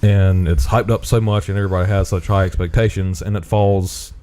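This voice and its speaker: A young man co-hosting a podcast, talking casually and excitably and swearing freely. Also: low-pitched, fairly quick. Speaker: podcast co-host. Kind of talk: casual chat.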